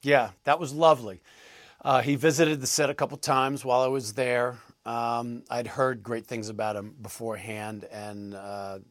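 Halting, low-voiced male actor guest. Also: no room sound. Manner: halting, thoughtful, hesitant. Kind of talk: interview answers.

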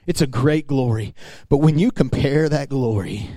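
A man's voice: medium pitch, normal speed, mellow, dry recording. A male pastor preaching a sermon in an emphatic, conversational way, speaking straight to his congregation.

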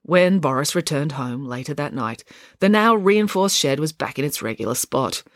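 A woman narrates a children's storybook with wry, playful humour. Her pitch moves in lively swings between phrases. The recording is close and dry, with no room sound. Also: normal speed, dry recording. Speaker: storyteller, author reading own book.

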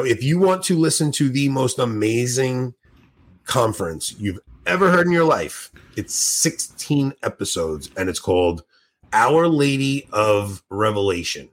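A man's voice: on the low side, expressive, measured pace. A man hosting a podcast in casual chat, enthusiastic and rambling, sounding tired. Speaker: podcast host.

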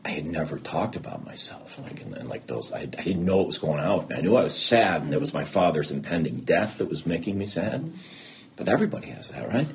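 A middle-aged Midwestern man with a very low voice tells a personal story in an interview, and his pitch swings widely as he acts out the people in it. A faint hum of ambience sits behind him. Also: quick pace, creaky. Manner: animated, acts out both sides of quoted dialogue. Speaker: interviewed guest, TV news anchor.

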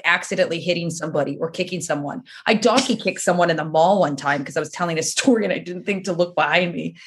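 A woman co-hosting a podcast, telling lively stories in casual chat, acting out quoted voices and laughing often. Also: medium pitch. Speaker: podcast co-host.

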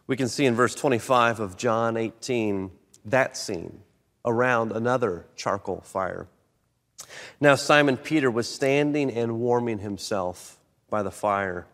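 Animated pastor preaching in a reverberant hall. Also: male voice, a little slow. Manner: animated, swings between loud emphasis and soft low delivery. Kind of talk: sermon. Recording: long reverb of a large hall.

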